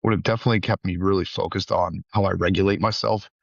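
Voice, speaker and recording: Gravelly deep-voiced man, reflective. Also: steady tone, fast, no echo. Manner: reflective, speaks in restarts. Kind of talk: conversational interview. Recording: dull lo-fi audio.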